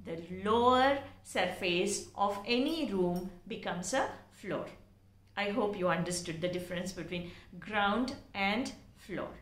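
A woman, teaching pronunciation by spelling out words and explaining them slowly and carefully. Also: on the high side, fairly bright tone. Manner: slow, careful and deliberate. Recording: echoey room.

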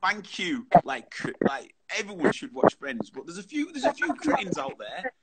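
A man's voice: sits high, huge pitch swings, moderate pace, heavy background noise. A man hosting a casual chat show over a video call, chatty and full of matey banter.

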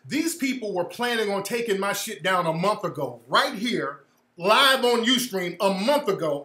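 A man's voice: sits high, pushed and bright, reverberant. A man hosting a livestream, reacting to a clip with profane, mocking commentary and meek mimicry. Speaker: host.

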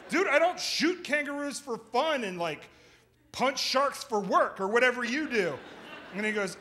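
A man's voice: high-pitched, very animated, moderate pace, bright, forceful tone, a little hiss or hum. A man telling a comic, profane, self-mocking story on a theater stage.

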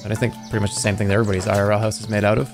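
A man streaming games live, chatting excitedly, swearing and yelping in bursts. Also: on the low side, racing, over music. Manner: excitable, yelps and swears, breaks into laughter. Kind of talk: casual live-stream chatter while gaming.

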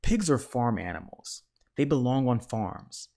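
A man's voice: medium pitch, sing-song, measured pace, gravelly, mellow. A man reading aloud, voicing a bossy elderly woman who is sure she is always right, in a strict, clipped manner. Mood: lecturing.

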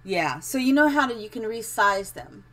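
A woman's voice: fairly high pitch, big pitch swings, normal speed, a bit bright. A middle-aged woman casually commenting on her live-streamed building game, chatty and giggly, thinking aloud as she goes.

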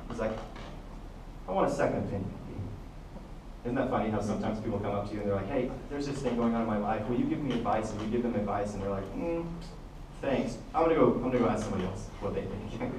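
A man preaching a sermon as the pastor, telling Bible stories and acting out the quotes in lively voices. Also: fairly low pitch, reverberant, recorded from a distance, noisy background. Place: church hall.

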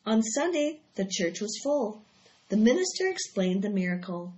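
A woman reading a children's novel aloud in an unhurried way, with small slips, recorded on a dull lo-fi track. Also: mid-range voice, very animated, a little mellow.

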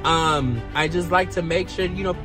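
A man talks casually from inside his parked car, his voice sitting a little on the high side. He is excitable and leans on slang, and he keeps hiccuping between restarts. Music plays behind him. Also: moderate pace. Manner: excitable slang-heavy talk with many restarts. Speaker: vlogger. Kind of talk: casual chat.

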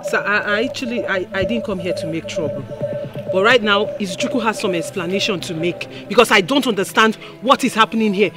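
A woman's voice: medium pitch, a little fast, over music, lightly acted. A woman playing a city fiancée who firmly demands explanations from her man. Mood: demanding. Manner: firm, questioning, politely formal.

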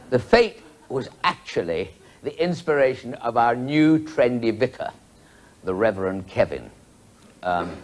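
A man's voice: lowish voice, darkish tone, slight background noise. A man telling a rambling joke at a TV birthday show, interrupting himself with asides. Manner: rambling, self-interrupting storyteller.

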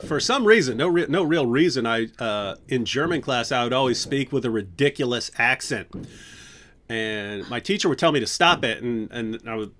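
A man's voice: mid-range voice, lively intonation, normal speed, a bit bright. A man hosting a casual live stream from a home studio, talkative and joking, with frequent restarts. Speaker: apologetics channel host.

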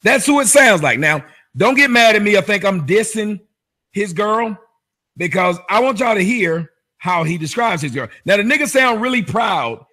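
High bright sarcastic male host. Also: expressive, moderate pace. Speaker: commentary host. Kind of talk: mocking commentary on clips.

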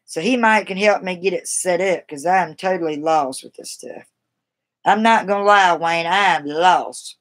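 A woman's voice: lowish voice, moderate pace. A woman from the American South with a Southern accent, chatting casually and rambling to viewers on a live stream. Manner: chatty, rambling, laughs easily.

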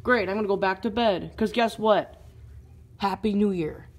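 A bored, bratty plush troublemaker, as a woman puts it on, mutters in a flat, mumbly drawl, teasing and unbothered. A lower, lazier voice for a toy skit. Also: moderate pace, natural voice.

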